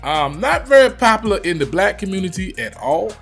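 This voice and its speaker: A man's voice: sits high, very animated, fairly quick, vocal fry, a bit bright, soft background music. A man with a Virginia accent giving loose, slangy reaction commentary, swearing freely. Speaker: reaction youtuber.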